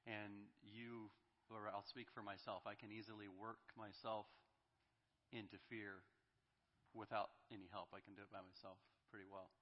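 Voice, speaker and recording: A man preaches in an emphatic, lowish voice, pressing hard on key words. The recording is dull and muffled, with long reverb hanging in a church hall. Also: little pitch movement, normal speed. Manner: emphatic, voices God's lines with rising force. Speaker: pastor. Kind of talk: sermon. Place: church sanctuary.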